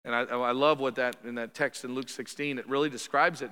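A man preaching a conversational sermon as pastor, animated and quick to act out quoted voices. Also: mid-range voice, smooth, in a large hall. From Canada.

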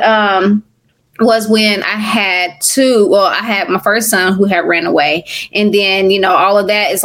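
A middle-aged woman minister talks through her testimony in an earnest, preaching way. She stumbles and restarts words often, and her voice sits at an ordinary middle pitch for a woman. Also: fairly bright tone. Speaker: minister and podcast guest. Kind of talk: conversational testimony.

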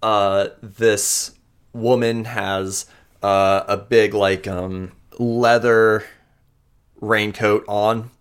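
A man's voice: fairly low pitch, level tone, extremely slow, clean tone. A man narrating a tabletop game as game master, loosely and with many fillers.

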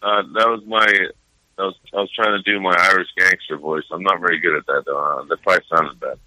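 Laid-back rambling guy with a bright voice. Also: sits low, fairly even intonation, fairly quick, dry recording, rough recording. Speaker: podcast host. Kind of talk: casual chat.

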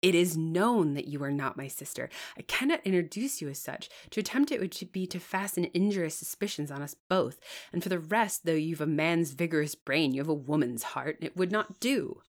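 A severe young clergyman, icy and insistent, read out by a woman in her own low voice. He pushes his argument with unbending, commanding firmness. The delivery stays measured and storybook-like. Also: expressive. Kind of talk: audiobook character reading.

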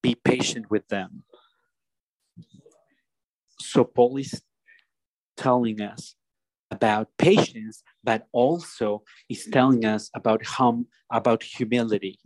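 Slow, deliberate male preacher. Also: medium pitch, darkish tone, dry recording, rough recording. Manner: slow and deliberate, with frequent restarts. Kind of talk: sermon.

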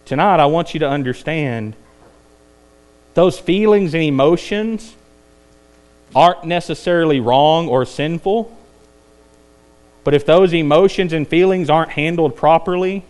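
A man preaching a sermon, climbing to intense peaks and then dropping low and quiet. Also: lively intonation, moderate pace, long pauses. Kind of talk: evening sermon.

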